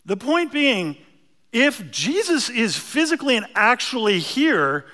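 A man preaching a sermon, telling a story with animated emphasis and asides to the congregation. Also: very high-pitched, unhurried.

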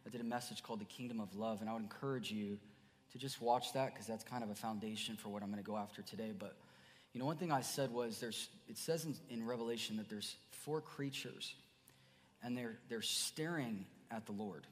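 A man preaching a sermon as pastor, earnest, dropping to soft murmurs then rising to emphatic bursts. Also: lowish voice, fairly quick. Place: church sanctuary. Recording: church hall reverb.

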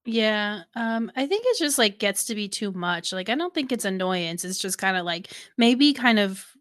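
A woman's voice: mid-range voice, normal speed, no room sound, clean studio sound. A woman in casual reaction chat, recapping a series scene with lots of laughter and "like" fillers. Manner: animated, laughing often, many "like" fillers. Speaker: co-host of a reaction show.

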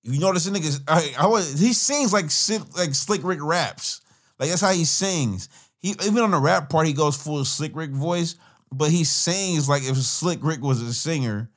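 Animated, laughing man reacting to songs. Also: on the high side, normal speed. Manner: profane, laughing, rambling slang. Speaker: podcast host reacting to music. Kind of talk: casual reaction commentary.

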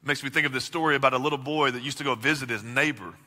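A man's voice: mid-range voice, rapid-fire, pushed and bright, big-room sound. A man preaching a sermon as pastor, earnest, swelling and dropping his volume.

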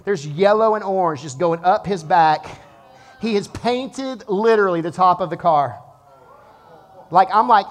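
A pastor in his thirties preaching to his church, telling a lively story and then dropping to a hushed, earnest tone. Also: sits high, normal speed. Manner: animated storytelling, swings from loud to hushed. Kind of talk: sermon. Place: church auditorium.

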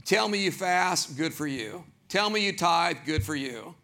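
A man with a Southern accent, preaching a sermon as pastor, animated and acting out quoted voices. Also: on the high side, a little slow, few pauses.

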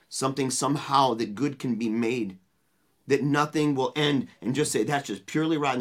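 A guest at a book launch, mid-range in voice, tells an emotional personal story with earnest feeling. The style is loose and colorful, with frequent restarts, and the voice softens to a hush when recalling comforting words.

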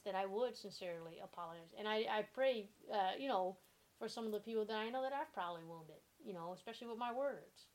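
Woman, mid pitch, podcast co-host, earnest, sincere, casual chat. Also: poor audio.

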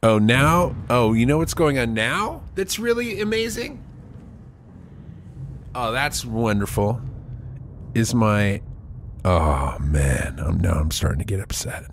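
A man's voice: mid-range voice, animated, slow pace, long pauses, a little hiss or hum. A man in his forties hosting a podcast, rambling in a casual, profane, self-mocking way into a mic held close in front of his face. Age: 40s. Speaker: podcast host.

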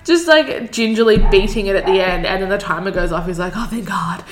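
A woman from Australia co-hosting a casual chat podcast, an animated storyteller who laughs often. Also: mid-range voice, normal speed, echoey room, a little hiss or hum. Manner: animated storyteller, acts out funny voices with laughs. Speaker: podcast co-host.

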